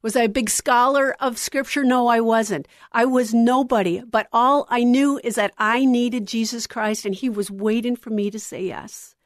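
A middle-aged woman hosting a Christian radio show, sharing her testimony in an earnest, intimate way that drops to a hush on tender lines. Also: on the high side, fairly even intonation, moderate pace, few pauses, no room sound, clean studio sound. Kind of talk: heartfelt on-air testimony.

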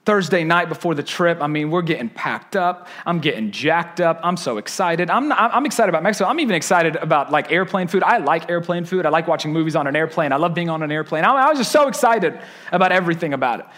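A man, preaching a sermon through an animated, self-deprecating personal story. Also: fairly high pitch, fast talker.

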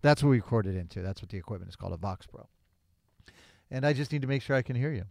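A man's voice: medium pitch, expressive, fast, creaky, darkish tone, dry recording, studio quality. Chatty man hosting a podcast. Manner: chatty, explains at length. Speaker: podcast host. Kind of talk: casual podcast chat.

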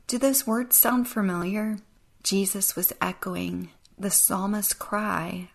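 A woman's voice: medium pitch, fairly even intonation, slow pace, vocal fry. A woman hosting a devotional podcast, speaking in an earnest, reflective way that sometimes sinks to a near whisper. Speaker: podcast host.

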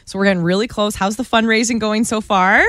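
A woman co-hosting a radio show in casual chat, with quick reactions and teasing questions. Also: medium pitch, steady tone, a bit bright. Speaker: radio co-host.

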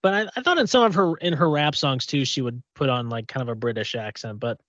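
A man's voice: mid-range voice, fast talker, a bit bright, no room sound. Guy co-hosting a gossip podcast, chatty, kinda dull dry sound. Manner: chatty, loose and conversational. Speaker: podcast co-host. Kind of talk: casual gossip chat.

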